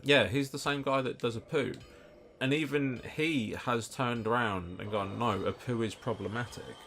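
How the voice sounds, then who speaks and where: A man's voice: mid-range voice, a little slow, a bit bright. A young British man co-hosting a game playthrough, sweary and jokey, drifting into long rants. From United Kingdom. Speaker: let's play co-host. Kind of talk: casual gaming banter. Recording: faint background noise.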